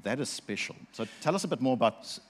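A man's voice: mid-range voice, lively intonation, quick pace, long reverb tail. A man hosting a casual interview, talking loosely with chuckles and often trailing off mid-sentence. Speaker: host.

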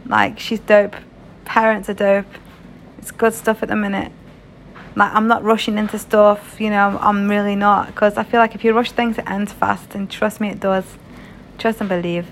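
A woman's voice: mid-range voice, flat delivery, moderate pace, vocal fry, slight background noise. A young British woman telling a story in a casual vlog, frank and chatty, swearing freely. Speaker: vlogger.

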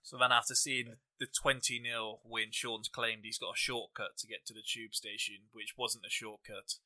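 English bloke hosting a podcast, tense bright tone, rambly storyteller, casual chat. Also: male voice, fairly low pitch, level tone, normal speed. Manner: rambling anecdotal storyteller, laughs while talking. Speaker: podcast host. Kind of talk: casual chat and fight predictions.

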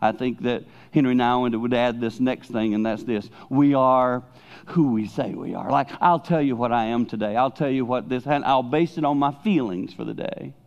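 An older man preaching to a congregation, his delivery animated as he leans into loud, emphatic lines and then drops to quiet, confiding asides. He sits at an ordinary mid pitch. The recording is dull and lo-fi. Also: moderate pace, vocal fry. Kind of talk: sermon.

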